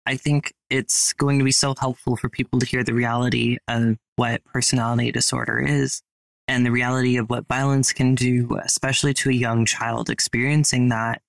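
A man interviewing a guest, asking measured, carefully worded questions in a supportive tone. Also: mid-range voice, little pitch movement, vocal fry, no room sound.

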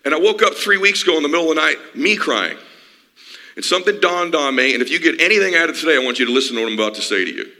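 A man's voice: on the high side, animated, rapid-fire, bright, forceful tone. A man in his fifties giving an impassioned motivational stage talk to a live audience, speaking with emphatic force.

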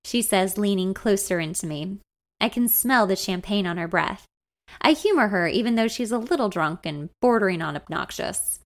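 A woman narrating a first-person novel in an even, wry storytelling manner. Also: medium pitch, normal speed. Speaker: audiobook narrator.

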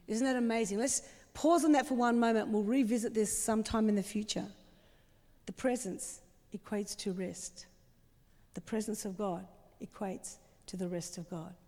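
A woman's voice: mid-range voice, fairly even intonation, normal speed, dark tone, long reverb tail. A woman preaching a sermon with passion and strong emphasis.

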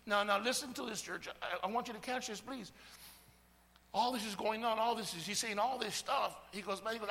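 A middle-aged male pastor preaching a sermon with animated delivery, repeating words and shouting at the high points. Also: brisk, creaky. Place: church sanctuary. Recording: long hall reverb.

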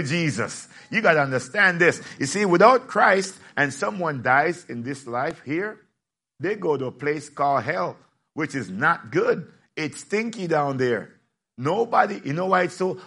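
A man preaching a sermon in a lively, plainspoken way, joking with his congregation and rising to shouts. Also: sits high. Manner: plainspoken, casual phrasing. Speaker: pastor.

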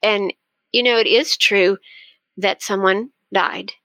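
A woman's voice: medium pitch, takes it slowly, fairly bright tone, no room sound. An older woman, a podcast guest, telling a heartfelt faith story in an earnest, storytelling way. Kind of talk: personal faith testimony.

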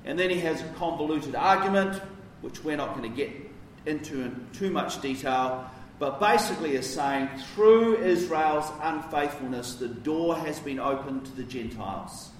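An animated man with a fairly high voice preaches at a moderate pace, rarely pausing, keeping things conversational and emphatic with casual asides. The church captures him at a distance, echoing, with slight background noise.

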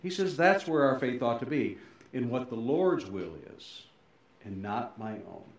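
A middle-aged male pastor giving a sermon, swinging between loud emphasis and soft, low endings, with folksy, self-deprecating asides. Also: animated, a little slow. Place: church sanctuary. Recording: very echoey church hall.

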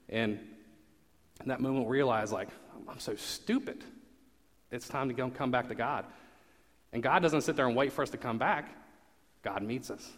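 Male preacher, conversational sermon, asides to the congregation, mid-pitched voice, echoing hall.

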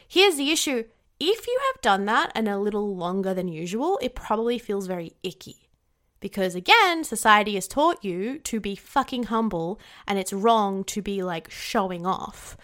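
A young woman delivers a motivational talk in a slightly higher voice. She is blunt and swears freely, and she acts out the nervous inner thoughts of her listeners. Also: fairly bright tone. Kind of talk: direct-to-camera motivational talk.

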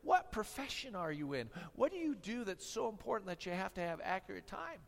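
A man's voice: sits high, very animated, brisk, creaky, big-room sound, voice pushed up, heavily acted. A man voicing a curious, worried male watch shop owner in a story told from the pulpit.

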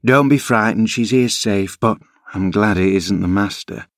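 A man's voice: fairly low pitch, unhurried, no room sound, studio quality. A man reading an audiobook, voicing a kindly country servant woman with plain rustic speech. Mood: reassuring.

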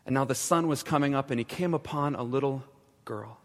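A male pastor telling a story in a sermon, slowing down and dropping to a hushed voice at the key moments. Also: mid-range voice. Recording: long church reverb.

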